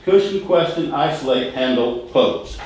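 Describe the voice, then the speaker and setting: A man's voice: a little high, animated, darkish tone. Middle-aged man teaching in an echoey classroom. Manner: drills phrases by repetition, quizzes the class with quick questions. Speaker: real estate sales instructor. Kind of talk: classroom training lecture. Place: training classroom. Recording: echoey room with faint noise.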